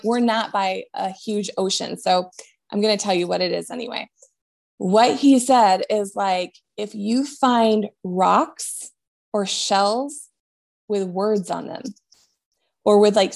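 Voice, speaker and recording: A woman giving a spiritual medium reading in a gentle, reassuring way, often trailing off and restarting her sentences. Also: medium pitch, slow, vocal fry.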